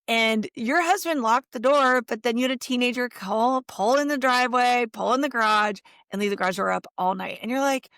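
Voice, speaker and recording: A middle-aged Catholic speaker and author, her voice a little high, talks as an interview guest at a brisk pace with few pauses. The studio-quality recording has no echo, and she tells stories animatedly, acting out quotes in a conversational exchange.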